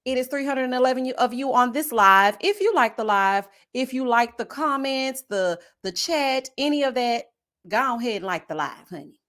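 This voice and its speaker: A young woman with a high-pitched voice, speaking at normal speed, hosts a reality-show review channel. In this casual live recap she's sassy and animated, throwing shade with slang asides.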